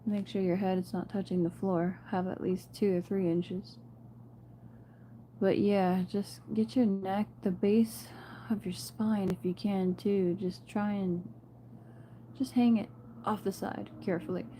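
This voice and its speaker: A woman's voice: mid-range voice, flat delivery, measured pace, warm tone, slight background noise. Chatty woman giving a spiritual reading. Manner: chatty, laughs often, addresses viewers as "you guys" and "y'all". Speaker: tarot reader. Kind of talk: casual spiritual reading to camera.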